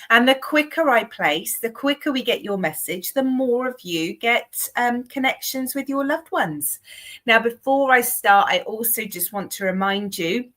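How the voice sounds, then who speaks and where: A woman's voice: a little high, animated, a little slow, fairly bright tone. A woman with a broad Southwest English accent speaks to viewers in a live-stream mediumship session. She is chatty and familiar, and calls her viewers darling and sweetheart. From Southwest England.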